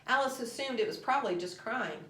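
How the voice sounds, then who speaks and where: A woman reading a children's storybook aloud in an expressive, animated way. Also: fairly high pitch, brisk. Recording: roomy echo.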